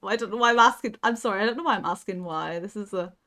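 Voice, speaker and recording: A young woman streaming a game in casual chat, excitable and giggly, yelping when startled. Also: mid-range voice, fast.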